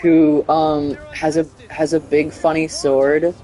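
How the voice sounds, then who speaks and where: Rambling gamer doing a mock British accent. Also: female voice, sits low, flat delivery, takes it slowly, warm tone. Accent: put-on British. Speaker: gaming YouTuber. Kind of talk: comedic gameplay commentary.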